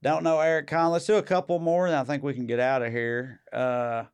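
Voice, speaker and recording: A man's voice: mid-range voice, little pitch movement, a little fast, clean tone. A man co-hosting a podcast, rambling through crude jokes and stories in casual banter. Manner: crude, joking, rambling storyteller. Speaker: podcast co-host.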